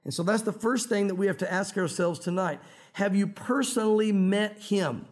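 A man with a Tennessee accent preaches, talking fast and earnestly in a conversational way. His voice sits high for a man. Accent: Tennessee Southern. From Tennessee, US South. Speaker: pastor. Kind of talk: evening sermon.

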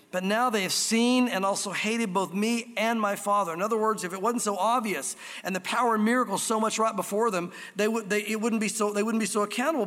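High-voiced pastor preaching in a reverberant hall. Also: male voice, fairly bright tone. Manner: earnest, direct, emphatic repetition. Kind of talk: sermon.

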